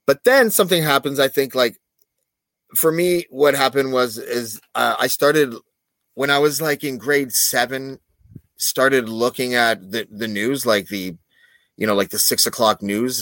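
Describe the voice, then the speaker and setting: A man guesting on a podcast, talking in a loose, animated way, swearing and joking with mock aggression. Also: mid-range voice, no room sound. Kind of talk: casual chat.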